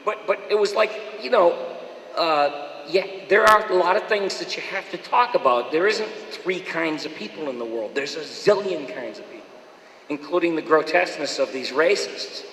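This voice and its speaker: A man from Boston chats with a crowd of fans about his voice work, animated and quick to slip into impressions. His tone is bright and forward. The sound rings with the long reverb of a large hall. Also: on the high side, a little hiss or hum. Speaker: voice actor at a fan Q&A. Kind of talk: casual anecdotal chat.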